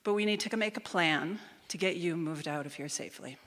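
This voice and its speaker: A woman voicing a calm, kind police officer who speaks in a steady, reassuring way. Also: lowish voice, a little fast. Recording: reverberant live hall.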